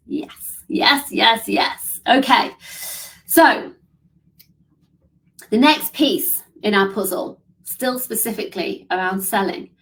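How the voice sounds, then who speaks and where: A woman leading a live coaching session, upbeat and encouraging, reading out comments. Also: mid-range voice. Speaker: business coach.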